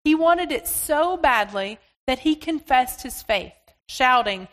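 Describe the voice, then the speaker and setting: A woman preaching with a fairly high voice and a slow, deliberate pace, telling her sermon like a story. Her words hang in a long hall reverb, as in a large church sanctuary. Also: animated, a bit bright.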